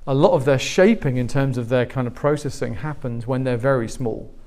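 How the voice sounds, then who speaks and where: A mid-range, brisk male voice belongs to a pastor in his forties preaching a sermon. He tells stories with animation, acting out the people in them and their quoted words.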